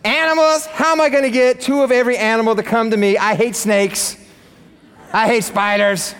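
A man's voice: extremely high pitch, steady tone, normal speed, a bit bright, clear, resonant tone, long reverb tail, pitched above the performer's own voice. A man playing a reluctant Noah who complains about the task given to him. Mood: complaining. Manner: complaining, exasperated.

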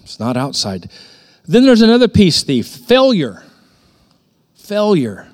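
A man's voice: high voice, wildly swooping pitch, slow pace, a little mellow. This is a middle-aged man preaching a sermon, speaking in a conversational storytelling tone. He talks as if chatting with his congregation, then suddenly lifts his voice to stress key words. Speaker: pastor.

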